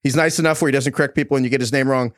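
A man's voice: mid-range voice, steady tone, very fast, no room sound, clean studio sound. A man hosting a podcast who opens the show with a playful, jokey manner. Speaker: podcast host. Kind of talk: casual podcast chat.

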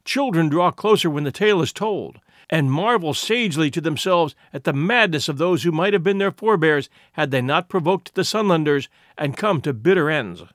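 A man narrating a classic story as an audiobook, measured and expressive. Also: fairly high pitch, no room sound, clean studio sound.

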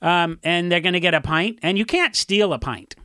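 A man from Orange County, a punk musician, telling rambling, animated stories in a casual interview and acting out what others said. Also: high voice, moderate pace, no room sound, studio quality. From Orange County, California. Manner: rambling, animated storytelling with acted-out quotes.

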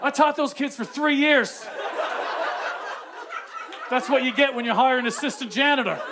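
High-voiced Canadian man telling comic stories. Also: normal speed, heavy background noise. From Newfoundland, Canada. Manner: storytelling, animated, swears freely. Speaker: stand-up comedian. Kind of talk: stand-up comedy set. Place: comedy club stage with audience.

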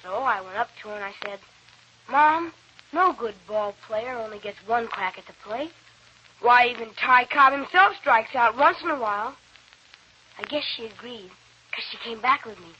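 A woman voicing a cheerful, eager young boy who chatters quickly, in 1940s radio acting on a muffled old radio broadcast. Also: fairly high pitch, lively intonation, bright, forceful tone, husky, full character voice. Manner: chirpy, quick storytelling.

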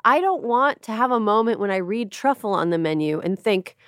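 A woman hosting a podcast in casual chat, wry and emphatic with quick asides. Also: mid-range voice, expressive, a bit bright, clear, resonant tone, no room sound, clean studio sound. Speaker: podcast host.

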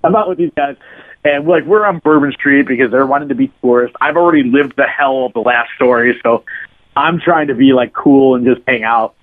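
A man's voice: medium pitch, a little fast, no echo. A man telling a long, profane story as a podcast guest, rambling and full of "like" fillers. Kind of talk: casual anecdote storytelling. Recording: narrow phone-line sound, dry.

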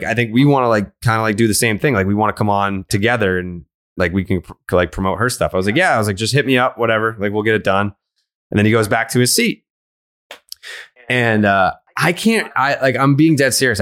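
A man's voice: lowish voice, a bit bright. A man telling a long story on a podcast, rambling and profane, filling it with "like" and quoting himself and others. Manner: rambling, profane, many "like" fillers, quotes himself. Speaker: podcast host.

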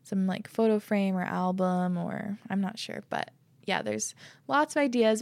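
A woman's voice: medium pitch, normal speed, gravelly, no echo. A woman hosting a podcast, reading listener letters aloud and reacting in a gushing, effusive way. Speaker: podcast host.

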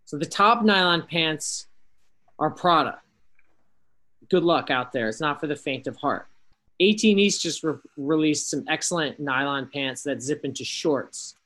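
A man's voice: a little high, lively intonation, a little slow, bright, forceful tone. A man co-hosting a podcast in casual chat over a video call, rambling with fillers and restarts. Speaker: podcast co-host.

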